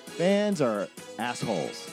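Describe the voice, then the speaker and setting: A middle-aged man co-hosting a casual podcast, spinning a story with a lively voice that leaps up and down. He swears freely and acts out what people said, with faint music behind him. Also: mid-range voice, takes it slowly. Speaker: podcast co-host. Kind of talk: casual chat.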